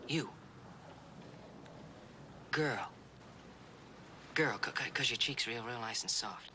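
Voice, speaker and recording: A man playing a patient young cowboy who teaches sign language to a deaf girl, speaking slowly and coaxing her along. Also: mid-range voice, a little hiss or hum. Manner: slow, coaxing, repeating words gently.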